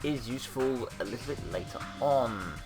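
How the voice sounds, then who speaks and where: A man's voice: medium pitch, animated, normal speed, music in the background. A man casually commenting on a game he is playing, chatty and wry, with many ums. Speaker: let's play commentator.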